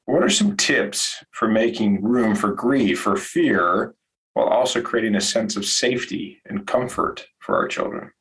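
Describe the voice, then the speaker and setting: A man's voice: lowish voice, wildly swooping pitch, unhurried, gravelly, a bit bright, low-quality recording. A man hosting a podcast interview, reading a scripted intro and then asking prepared questions. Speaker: podcast host.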